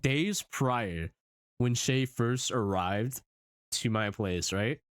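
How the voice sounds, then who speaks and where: A young man streamer telling a story in casual chat, animated, swearing often and laughing as he goes. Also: mid-range voice, takes it slowly, clean tone, no echo, clean studio sound.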